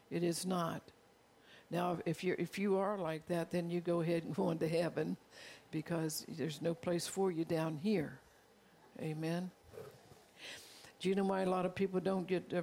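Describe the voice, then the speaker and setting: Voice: medium pitch, creaky, darkish tone. A pastor delivering a sermon in an earnest, confessional way, calling out to the congregation. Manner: earnest, confessional preaching with call-outs to the congregation.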